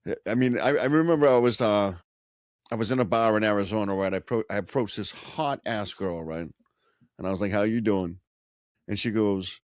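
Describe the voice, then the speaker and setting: A lowish-voiced man with a thick Boston accent swaps stories with friends, swearing freely and animated. His voice sits close and dry on the mic, with no room around it. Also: moderate pace, dry recording. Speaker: podcast host. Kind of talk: casual profane chat.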